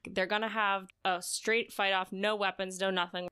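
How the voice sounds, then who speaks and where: With a smooth, medium-pitched voice at a moderate pace, a woman co-hosting a podcast casually discusses a book. Her retellings are animated, full of "like," and she voices the characters' lines herself.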